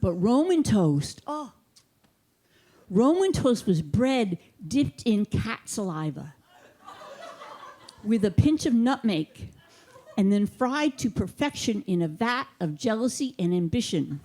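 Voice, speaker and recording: On a theater stage, a woman does stand-up, delivering jokes into a handheld mic in a deadpan, mock-authoritative style. Her voice sits in the mid-range, and she speaks slowly with frequent pauses over slight background noise.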